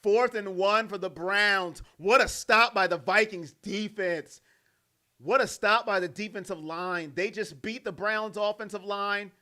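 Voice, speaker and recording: A young man calling football play-by-play as a fan, animated and jokey, breaking into reactions and playful impressions of players. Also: sits high, a little slow. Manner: animated, jokey, mimics players in quoted voices. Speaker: fan commentator.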